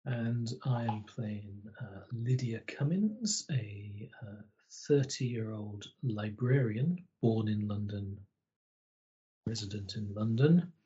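A man's voice: lowish voice, takes it slowly, mellow, muffled recording. A man playing a tabletop game, describing his character hesitantly and thinking aloud. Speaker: player. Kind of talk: casual tabletop game chat.

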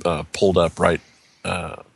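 A man narrating as game master, describing scenes in a halting way. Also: sits low, little pitch movement, vocal fry, breathy edge, no echo. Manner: halting, descriptive, searches for words.

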